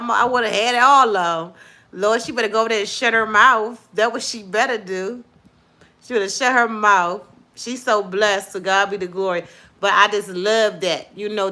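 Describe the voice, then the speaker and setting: A middle-aged woman hosting a casual live stream, lively and preachy, praising God between her chatter. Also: mid-range voice. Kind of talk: casual chat with viewers and callers.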